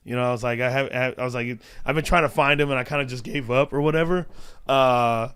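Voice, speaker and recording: A man's voice: medium pitch, fairly even intonation, fast, a bit bright, clean tone. A man, a comedian guest on a podcast, telling casual stories with lots of restarts and fillers. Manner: rambling with restarts and laughter.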